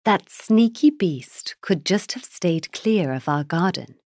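A woman's voice: on the low side, expressive, slow pace, a little mellow, no echo, clean studio sound, full character voice. A woman voicing an indignant young boy who fussily corrects his neighbor in a storybook reading. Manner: fussy, corrects others precisely. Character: indignant young boy neighbor, bird-loving dog owner.

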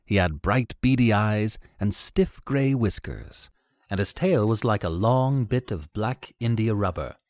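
A man narrating a fairy tale in an expressive storytelling manner. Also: lowish voice, a little slow, no room sound.

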